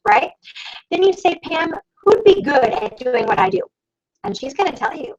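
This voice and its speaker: High, animated woman on a lo-fi call. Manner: fast, animated, exclamatory, addresses listeners as "you guys". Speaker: sales director coaching her team. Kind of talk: energetic sales training talk. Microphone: computer mic on a video call. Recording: dull lo-fi video call audio.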